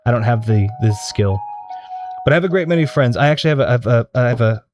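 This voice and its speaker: A man's voice: medium pitch, fast. A man hosting a live stream in casual chat, rambling and hesitant, often restarting and correcting himself. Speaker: streamer host. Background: background music.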